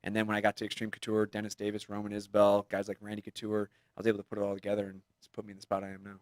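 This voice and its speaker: A man's voice: fairly low pitch, monotone, racing, no echo. A man in his thirties, a fighter guest, talking loosely in a casual studio interview and laughing easily.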